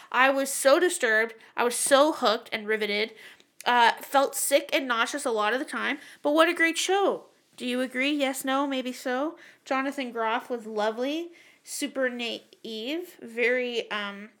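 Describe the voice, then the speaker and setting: A woman's voice: high voice, sharp tone. A young woman co-hosting a podcast in casual chat, profane and sarcastic, often dropping to a near-whisper. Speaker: podcast co-host.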